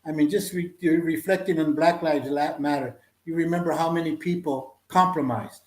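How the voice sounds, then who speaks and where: A man's voice: on the high side, brisk, few pauses. A man on a talk-show panel, speaking in an earnest, preaching way. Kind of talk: casual talk-show discussion. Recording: roomy echo.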